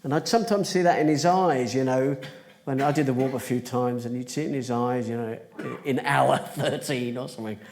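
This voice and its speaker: Low, mellow woman reflecting earnestly. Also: fairly quick, slight background noise. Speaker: panel guest. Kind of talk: reflective panel discussion.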